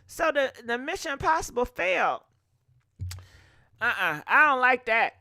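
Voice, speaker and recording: Woman, gossip host, high bright voice, sassy and opinionated, dry close sound. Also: very animated, a little slow, vocal fry, no echo. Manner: sassy, opinionated, talks straight to viewers. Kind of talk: casual gossip commentary.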